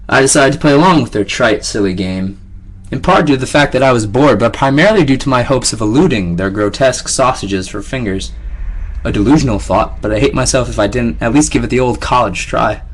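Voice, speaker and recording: A man narrating a first-person novel in a sardonic, wry tone. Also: on the low side. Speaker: audiobook narrator.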